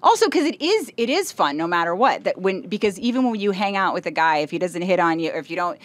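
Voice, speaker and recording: New lady comic, talks fast, lively and jokey, laughing at herself, podcast guest chatting. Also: on the low side. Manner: animated, quick, self-mocking storytelling. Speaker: comedian guest. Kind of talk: casual podcast chat.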